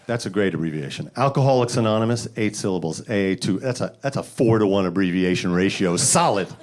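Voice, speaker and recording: A man from the Bronx, performing a stand-up comedy set with deadpan setups and sudden loud punchlines. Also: deep voice, fairly quick. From the Bronx, New York. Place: comedy stage with live audience.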